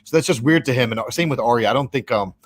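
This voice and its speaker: Casting: quick, rambling male co-host, dry close recording. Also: mid-range voice, no room sound. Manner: rapid, rambling, lots of "like". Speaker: podcast co-host. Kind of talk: casual livestream chat.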